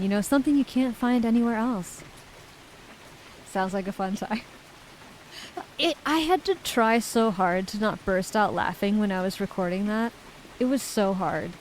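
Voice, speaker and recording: A woman's voice: mid-range voice, a little hiss or hum, rough recording. A woman streamer in casual chat, reading viewer messages aloud and giggling often.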